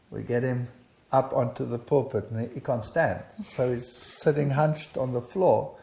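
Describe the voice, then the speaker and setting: A man's voice: mid-range voice, vocal fry. An older man, giving an interview and animatedly recounting a personal testimony, acting out the dialogue. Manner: animated storytelling, acts out dialogue. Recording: roomy echo.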